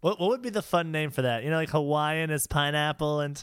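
A man co-hosting a comedy podcast in casual chat, excitable and prone to loud outbursts. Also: on the high side, brisk, clear, resonant tone, dry recording, studio quality. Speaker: podcast co-host.

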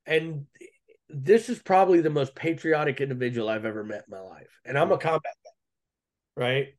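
A man's voice: a little high, fairly quick. A man guest in an interview, earnestly telling a personal story in casual, rambling speech full of fillers and restarts, saying "man" and "dude".

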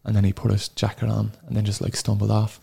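Gravelly-voiced Irish man in his thirties. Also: on the low side, monotone, warm tone. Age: 30s. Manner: halting, sorrowful, swears freely. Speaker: podcast guest. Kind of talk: emotional personal storytelling.

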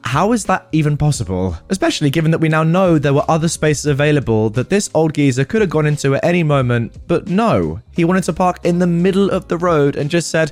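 A man reading online stories aloud and adding his own commentary in an animated storytelling manner. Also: a little high, fairly quick, hardly any pauses, soft background music. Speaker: story narrator.

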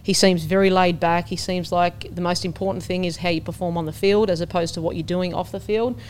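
A woman's voice: on the low side, fairly quick, a little hiss or hum. A woman on a sports panel, making her point with conviction and energy. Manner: animated, argues with conviction. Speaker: panelist, former player. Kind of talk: casual panel chat.

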